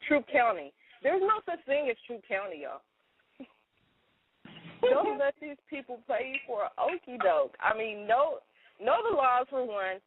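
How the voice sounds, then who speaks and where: A woman's voice: a little high, very animated, unhurried, long pauses, husky. A woman co-hosting a radio show, telling stories in a chatty way and laughing often in casual comedic chat. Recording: dry, phone-like narrow sound.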